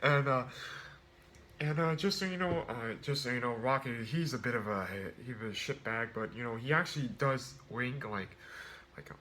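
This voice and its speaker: A man's voice: medium pitch, moderate pace, bright, forceful tone, a little hiss or hum. A man casually reviewing a film, rambling with many restarts and fillers. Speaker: movie reviewer.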